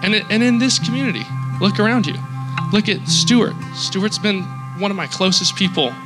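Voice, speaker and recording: A man giving his personal testimony at church, emotional and close to tears, talking haltingly with many fillers. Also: high voice, lively intonation, low-quality recording. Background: loud guitar music.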